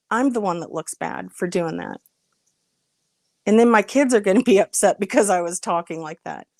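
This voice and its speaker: A woman's voice: mid-range voice, no echo. A woman in her thirties talking casually and earnestly on a livestream, stopping to greet viewers in the chat by name. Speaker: livestream host.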